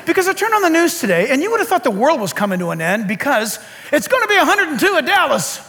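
High, animated joking preacher man. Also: fast talker. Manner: animated and joking, sarcastic asides. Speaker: pastor. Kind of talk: sermon.

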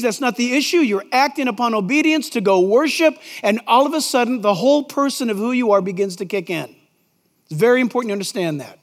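High-voiced preacher in a reverberant church. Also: male voice. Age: middle-aged. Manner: emphatic, conversational preaching with Scripture readings. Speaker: pastor. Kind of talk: sermon. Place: large church sanctuary. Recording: long reverb in a large church.

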